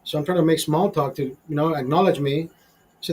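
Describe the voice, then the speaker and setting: A man's voice: a little high, fairly quick, darkish tone, poor audio. A man of fifty, a show host, telling a rambling story in casual chat, swearing a lot and sounding exasperated. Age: 50s. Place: small studio.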